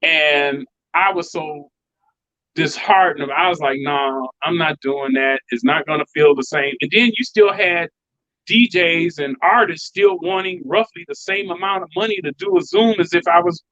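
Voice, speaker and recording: Speaking at a moderate pace in a slightly high voice, this Chicago DJ and producer keeps a casual interview lively by performing the voices of the people he quotes. The sound is dry, dull and lo-fi.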